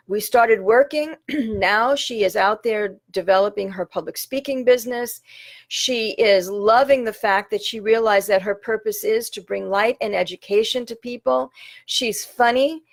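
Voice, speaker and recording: A woman speaking as a spiritual coach, earnest and measured, slowing down on key phrases. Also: a little high, dry recording. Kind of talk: talk to camera.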